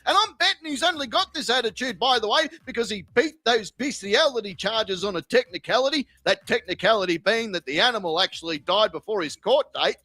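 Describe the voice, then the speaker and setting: A man's voice: high voice, animated, a little fast, few pauses, bright, forceful tone, no room sound. A man narrating a commentary video in a crude, profane, mocking way. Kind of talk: scripted comedic commentary.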